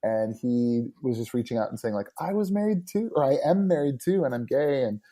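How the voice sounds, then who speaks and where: A man's voice: mid-range voice, animated, fairly quick. A man speaking as a podcast guest and worship leader, talking earnestly and casually about connecting with people. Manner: earnest, warm about his community. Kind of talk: casual interview chat.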